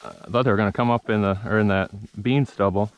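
Low-voiced man narrating his hunt outdoors. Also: fairly even intonation, quick pace. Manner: calls and commands dogs in short repeated bursts. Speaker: hunter filming his hunt. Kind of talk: casual commentary while hunting outdoors. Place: open fields outdoors.

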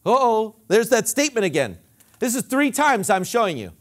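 High-voiced, lively preaching pastor. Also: male voice, normal speed. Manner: emphatic preaching with repeated phrases. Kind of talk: sermon.

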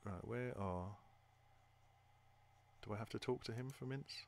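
A man's voice: mid-range voice, unhurried, darkish tone, slight background noise. Man muttering over a game playthrough. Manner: thinking aloud, hesitant, muttering. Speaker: gamer. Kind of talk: playthrough commentary.

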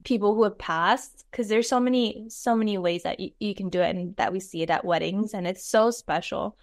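Enthusiastic woman co-hosting a podcast. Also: mid-range voice. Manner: enthusiastic, quick to react. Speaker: podcast co-host and filmmaker. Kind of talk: casual podcast chat.

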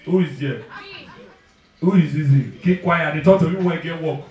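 A man with a Nigerian accent doing live stand-up and crowd work, loud and teasing, slipping into pidgin as he talks straight to the audience. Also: a little high, normal speed, distant mic, lo-fi sound. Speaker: stand-up comedian. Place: live comedy venue. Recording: echoey venue, mic heard from afar, crowd noise. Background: audience laughing.

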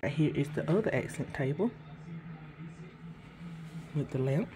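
A woman's voice: deep voice, animated, unhurried, mellow. A chatty woman speaks to her camera in a home vlog, calling her viewers y'all and going back over the same points. Her nose is stuffy. A faint hum sits behind her in the room. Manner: chatty, addresses viewers as y'all, repeats herself. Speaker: vlogger.

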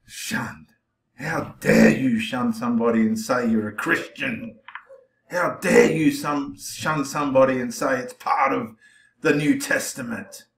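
A man's voice: mid-range voice, measured pace, vocal fry. A man preaching with passion to the camera, confronting and challenging his listeners directly. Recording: roomy echo.

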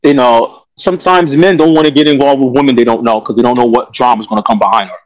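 A man's voice: medium pitch, steady tone, fast talker, no echo, rough recording. A man, talking in a rambling, streetwise way on a casual panel discussion. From New York.

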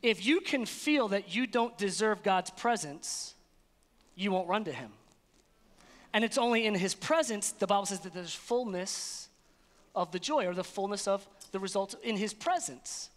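A man preaching an energetic sermon as pastor, animated and playful, acting out little scenes. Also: sits high, moderate pace. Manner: animated, playful, acts out voices. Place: church sanctuary. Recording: long hall reverb.

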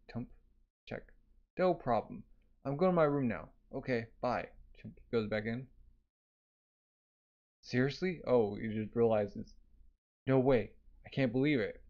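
A man's voice: mid-range voice, unhurried, long pauses, darkish tone, lo-fi sound. A man casually reading a manga aloud, narrating with lots of fillers and sound effects. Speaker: manga reader. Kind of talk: casual manga read-along with voices.

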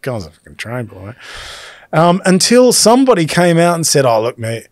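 Animated Australian man telling a story. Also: a little high, no room sound, studio quality. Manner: animated, swears freely, quick bursts. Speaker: guest DJ. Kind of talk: casual storytelling.

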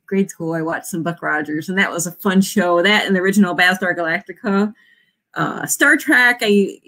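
A woman's voice: deep voice, a bit bright. A woman in her forties, an author hosting a writing sprint livestream in a casual, bubbly way, often cheering her viewers on with whoops. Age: 40s.

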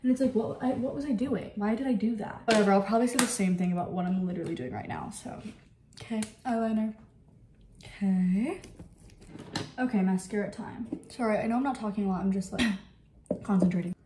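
A woman's voice: medium pitch, fairly quick, noisy background. A young woman rambling to the camera in a casual home vlog, chatty and full of fillers. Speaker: lifestyle vlogger. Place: at home, indoors.

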